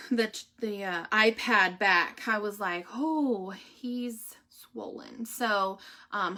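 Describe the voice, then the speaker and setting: Bright, chatty young woman. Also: medium pitch. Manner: chatty, many fillers and restarts. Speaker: vlogger giving a family update. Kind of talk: casual chat to viewers, reading a devotional aloud.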